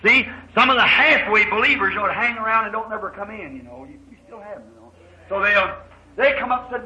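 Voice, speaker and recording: On a muffled old recording, a man delivers a sermon as a folksy story, voicing its characters and erupting into sudden shouts. His voice sits high, and he talks fast and animatedly.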